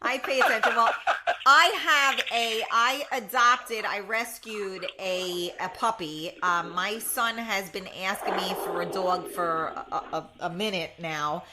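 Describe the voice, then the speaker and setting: A woman's voice: mid-range voice, fairly even intonation, measured pace. Chatty woman radio host. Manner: chatty, lots of fillers and restarts. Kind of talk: casual radio chat. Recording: clear background noise.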